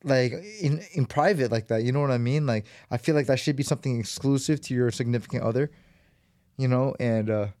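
A man's voice: mid-range voice, a little fast, a little mellow, no echo. Rambling profane man in his thirties, dry sound. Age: 30s. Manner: loose, profane, rambling with many fillers. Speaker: podcast host. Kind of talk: solo podcast monologue.

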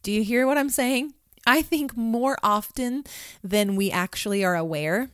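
A woman's voice: mid-range voice, clean tone, no room sound, clean studio sound. Earnest, chatty mother in her thirties. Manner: conversational and earnest, with many ums and repeats. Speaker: mother telling a family story. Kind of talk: reflective personal talk.

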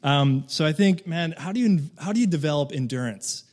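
A man's voice: fairly high pitch, expressive, fairly quick, a little mellow. A man giving a loose, conversational sermon, full of fillers and asides, who once lived in Canada. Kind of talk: casual sermon.

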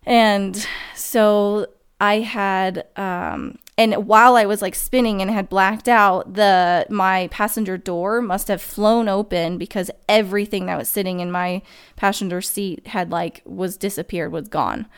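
A woman's voice: medium pitch, fairly even intonation, unhurried, clean tone. A young woman telling a personal story in a rambling way, full of "like" and restarts. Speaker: car crash survivor telling her story.

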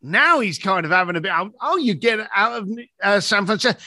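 A middle-aged man telling an animated anecdote, acting out both sides of a phone call. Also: normal speed, hardly any pauses, no echo, studio quality. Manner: acts out both sides of a phone call, shifting pitch a lot. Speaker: storyteller.

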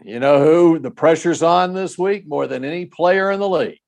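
A man's voice: on the high side, normal speed, gravelly, a little mellow. A man co-hosting a sports show in casual, conversational talk, tossing questions to his partner.

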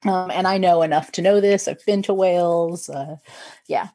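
A woman's voice: on the low side, fairly even intonation, moderate pace, dark tone, no echo. Chatty woman podcaster, laughs often. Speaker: podcast co-host. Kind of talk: casual chat about folklore.

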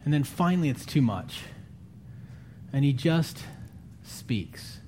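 A man preaching a sermon in an earnest, conversational way, his voice climbing higher when he pleads. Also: lively intonation, unhurried, mellow, slight background noise. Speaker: pastor.

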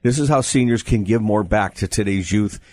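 American radio host guy, lowish voice, calm, moves the interview along. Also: a little fast. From United States. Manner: steady, guiding, reads out promos. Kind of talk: radio talk show interview.

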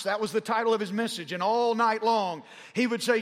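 A man's voice: moderate pace, fairly bright tone. A man in his forties from Arkansas with a Southern drawl, telling a story in a sermon and growing fervent as he goes. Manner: rising in pitch and volume as he gets fervent. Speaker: pastor. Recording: long hall reverb.

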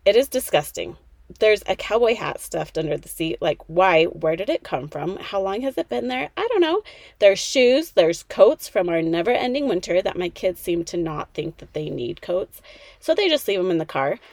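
A woman's voice: fairly low pitch, very animated, moderate pace, a little mellow, no echo. A woman in her thirties hosting a motivational podcast, talking in a peppy, chatty way straight to the listener. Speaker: podcast host.

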